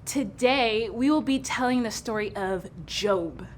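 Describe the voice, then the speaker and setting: A woman telling a Bible story to children in a patient, gently teasing manner. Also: fairly high pitch, a little slow.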